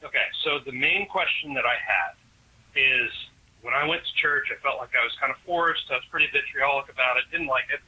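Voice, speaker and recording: A man's voice: medium pitch, bright, forceful tone, a little hiss or hum. A young man calling in to a radio show, casual and wry, hesitating as he asks his question. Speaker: caller. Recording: thin phone line.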